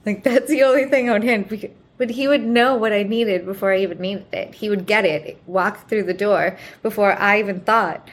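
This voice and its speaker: A woman in her thirties talks into a podcast mic in a loose, casual monologue. Her voice sits in an ordinary middle pitch, but she leaps up sharply when something shocks her. She is frank and unfiltered, and she swears freely. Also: brisk, few pauses. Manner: candid, blunt and frequently swearing, animated with big pitch jumps. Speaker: podcast host.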